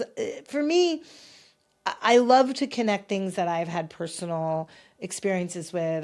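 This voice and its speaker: Woman, fifties, solo podcast host; talkative, chatty delivery, slightly hoarse, lowish voice. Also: darkish tone. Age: 50s. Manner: chatty and talkative, self-described talker. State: slightly hoarse, recovering from voice loss. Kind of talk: casual solo podcast chat.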